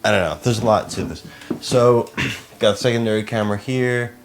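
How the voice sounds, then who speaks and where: A young man with a fairly low, fairly even voice chats to himself at a moderate pace while rigging lights and cameras in a small apartment turned studio. He's a podcast co-host filming a casual behind-the-scenes vlog, muttering and poking fun at himself as he works. There's a little hiss or hum in the recording.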